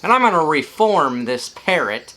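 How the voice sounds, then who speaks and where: Brief: stern, prim lady, voiced lightly by a man, bright tone. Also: on the high side, sing-song, moderate pace, low-quality recording. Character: prim woman set on reforming a parrot.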